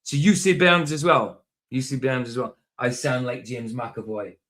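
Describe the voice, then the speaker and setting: A man speaks with a broad Doric accent from Scotland's northeast. His voice sits at an ordinary middle pitch, and he chats loosely, laughing often and repeating phrases as he goes. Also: fairly even intonation, moderate pace, fairly bright tone. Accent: Doric Scottish. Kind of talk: casual chat.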